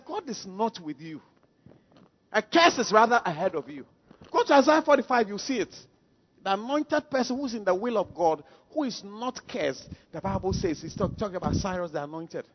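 A man preaching a sermon. He is emphatic, swings from quiet asides to shouted calls, and keeps asking rhetorical questions. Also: high voice, big pitch swings, a little fast, slightly rough. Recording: dull lo-fi sound with long hall reverb.

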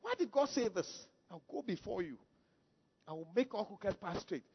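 A man preaching a sermon. He is emphatic, swings from quiet asides to shouted calls, and keeps asking rhetorical questions. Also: high voice, lively intonation, normal speed, husky. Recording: dull lo-fi sound with long hall reverb.

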